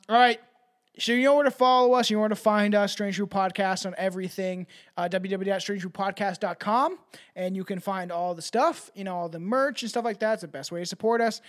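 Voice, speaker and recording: A man's voice: sits high, fairly quick. A man hosting a podcast, chatting casually and swearing often, with laughs and rambling asides. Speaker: podcast host. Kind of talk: casual podcast outro chat.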